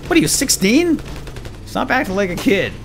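A man giving casual, excitable gameplay commentary, joking with his teammates as he plays. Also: high-pitched, moderate pace, noisy background. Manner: excitable, jokey, talks to teammates. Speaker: let's play gamer. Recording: game music behind voice.

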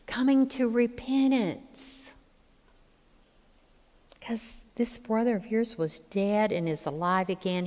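A woman's voice: on the high side, long reverb tail. A woman teaching a Bible lesson, reading scripture passages aloud and explaining them in plain words.

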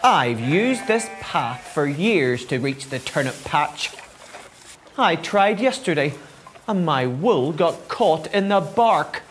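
A man's voice: fairly high pitch, lively intonation, takes it slowly, a bit bright, faint music behind. A man voicing an indignant sheep who complains in a bleating tone.

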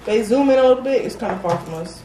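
A woman's voice: a little high, fast. Woman chatting about food while she eats, roomy echo, mic kinda far. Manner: relaxed, talks food between bites. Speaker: mukbang guest. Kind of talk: casual eating chat. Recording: roomy audio from a distant mic with faint music. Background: faint music.

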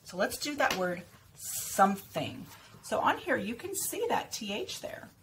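A woman teaching speech sounds, reading a picture book aloud and slowly repeating practice words with careful articulation. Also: fairly high pitch, sing-song, background noise. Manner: slow, clearly stressed repetition of target words.

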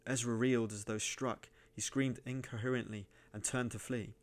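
A man reading a dark adventure story aloud, measured and sometimes rising to loud declaiming. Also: mid-range voice, fairly even intonation. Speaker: reader and gaming channel host.

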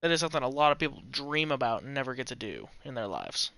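A male streamer giving casual live commentary over a hockey game, excitable and swearing freely. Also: medium pitch, quick pace, gravelly, no echo.

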